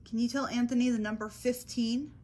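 A woman paranormal investigator calmly and persistently asking questions of spirits during a ghost hunt. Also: on the high side, a little fast. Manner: calm, coaxing, persistent questions.

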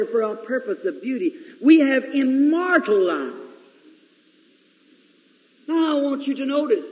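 A man preaching a sermon in a large church, storytelling dramatically with sudden swings between loud and hushed delivery. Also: very high voice, breathy edge. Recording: lo-fi 1950s reel recording, long hall reverb.

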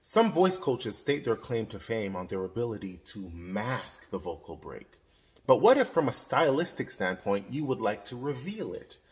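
A man's voice: mid-range voice, very animated, moderate pace, few pauses. A man teaching a singing lesson as a voice coach, explaining exercises and demonstrating vowels. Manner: instructive, demonstrating sung vowels and yodels.

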